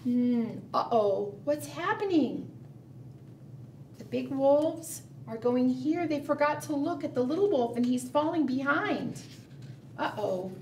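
A woman librarian reading a picture book aloud at a preschool storytime, gentle and sing-song, asking the children questions. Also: high-pitched, a little slow, roomy sound, recorded from a distance, slight background noise.

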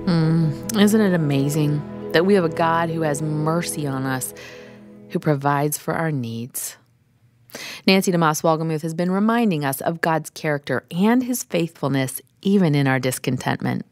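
Woman radio host, low voice, calm reflective chat, dry studio over faint music. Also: moderate pace.

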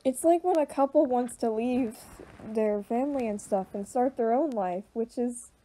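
A young woman giving emotional reaction commentary, choked up and halting, with many fillers and restarts. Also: a little high, warm tone, low-quality recording. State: choked up, voice tearful. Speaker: video reactor.

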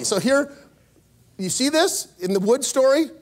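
High-voiced man preaching a story-led sermon. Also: expressive, measured pace, long pauses. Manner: storytelling with sudden pitch jumps and laughs. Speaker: pastor. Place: church.

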